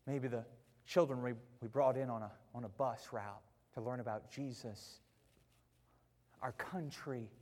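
A man preaching a sermon in a church auditorium, wearing a mic, chatty and self-mocking, swinging from quiet asides to shouted peaks. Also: mid-range voice, steady tone, measured pace, in a large hall. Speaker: pastor.

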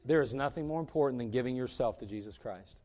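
A man preaching a sermon as pastor, emphatic and rising to loud peaks. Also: medium pitch, quick pace.

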